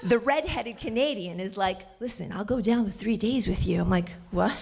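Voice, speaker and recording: Speaking at normal speed, a Bronx woman shares a personal tale on stage at a live storytelling event. She's animated, with vocal fry and a breathy edge, and her pitch leaps sharply when she quotes other people.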